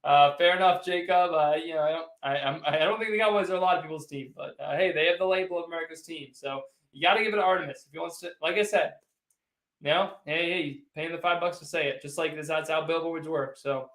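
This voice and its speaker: On a casual postgame livestream, a sports host talks fast in a fairly bright voice on the high side. Echo fills the room while he rambles, ribs people, and reacts directly to viewer messages.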